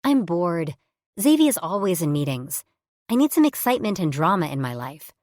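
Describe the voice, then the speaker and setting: A woman's voice: low-pitched, expressive, brisk, no echo. A woman doing a bubbly nosy young woman. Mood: eager teasing. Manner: eager, wheedling, gossipy.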